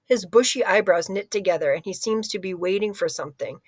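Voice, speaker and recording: A woman's voice: medium pitch, brisk, few pauses, breathy edge, no room sound. A woman narrating a children's book in first person, conversational with occasional slips and asides. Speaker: audiobook reader.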